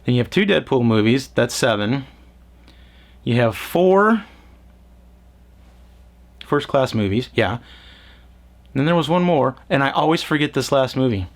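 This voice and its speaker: A man's voice: mid-range voice, expressive, measured pace, pauses often. Rambling sarcastic male movie reviewer. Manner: rambling, sarcastic, exasperated asides; profane, mocking quoted voices. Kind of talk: casual spoken film review.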